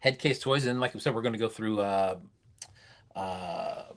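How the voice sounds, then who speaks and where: A man's voice: fairly low pitch, normal speed. A man co-hosting a casual show, laid-back and saying "dude" and "man" often. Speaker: podcast co-host. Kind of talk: casual chat.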